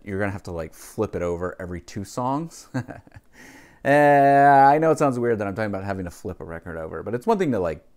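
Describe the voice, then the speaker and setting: A man chatting casually to camera about music he bought, rambling with asides and fillers. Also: sits low. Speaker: vlogger, record collector. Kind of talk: casual music haul vlog.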